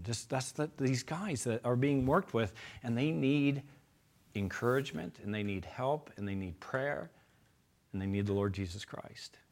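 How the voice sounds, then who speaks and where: A male pastor preaching an emphatic sermon, calling his listeners beloved and swinging from loud declarations to hushed appeals. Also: medium pitch.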